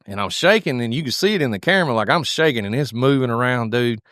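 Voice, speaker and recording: Male co-host, relaxed studio storyteller with a mid-range voice and a close, dry mic. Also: medium pitch, fast talker, no room sound. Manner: animated, drawling hunting story with restarts. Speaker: podcast co-host. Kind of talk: casual storytelling. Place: podcast studio at a table.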